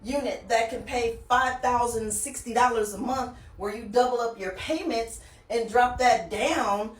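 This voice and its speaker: A woman's voice: a little high, measured pace, far from the mic. A woman casually walking through a mortgage example, often checking in with her listeners as she goes. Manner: conversational, checks in with "okay?" often. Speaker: financial educator. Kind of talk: casual explainer walkthrough. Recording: echoey room, voice off-mic.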